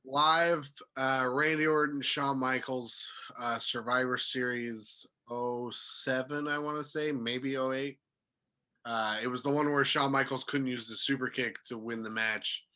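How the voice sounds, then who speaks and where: Bright-voiced man in laid-back chat. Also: medium pitch, steady tone, unhurried. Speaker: podcast co-host. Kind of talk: casual podcast chat.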